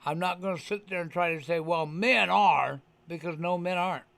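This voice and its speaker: A man's voice: sits high, fairly even intonation, fast, a bit bright, smooth, dry recording. A man talking casually on a live stream, emphatic and profane, often pressing his point with "okay". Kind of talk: casual chat.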